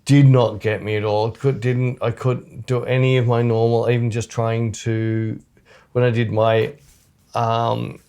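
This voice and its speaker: A man's voice: mid-range voice, flat delivery, unhurried, warm tone, smooth. A man, a photographer hosting a podcast, telling rambling, blunt, joking stories in casual chat.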